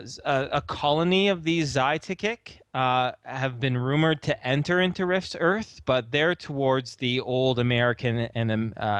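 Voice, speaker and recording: Smooth-voiced man running a tabletop game. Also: mid-range voice, no room sound. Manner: relaxed narration with frequent fillers and laughs. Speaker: game master.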